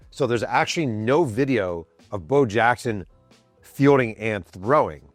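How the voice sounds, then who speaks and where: A man in his fifties, a podcast host telling a sports story from his office with animated energy, acting out the quotes and swearing casually. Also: fairly low pitch, no room sound. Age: 50s. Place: home office.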